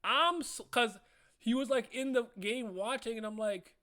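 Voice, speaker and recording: Excitable man reacting, bright and dry. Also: very high-pitched, normal speed, no room sound. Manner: excitable, laughs often, swings into loud trash talk. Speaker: manga reaction host. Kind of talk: casual reading reaction.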